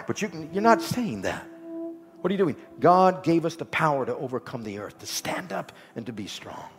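A man preaching a sermon with rhythmic repetition, swinging from loud exhortation to soft, low lines. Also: sing-song, a little fast, husky. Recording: long hall reverb with faint music.

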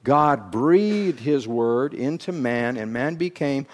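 A middle-aged man preaching a sermon, dropping to hushed, drawn-out phrases and then climbing into loud, emphatic bursts. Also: mid-range voice, expressive. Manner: slow, drawn-out words for emphasis.

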